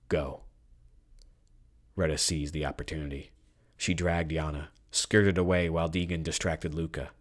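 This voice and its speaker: Male audiobook narrator, extremely low husky voice, measured and dramatic.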